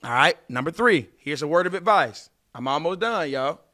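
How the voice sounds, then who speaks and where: Dating advice comes from a late-30s podcast host whose voice is on the high side and whose pace is moderate. His monologue is casual yet preachy and animated, directed squarely at listeners.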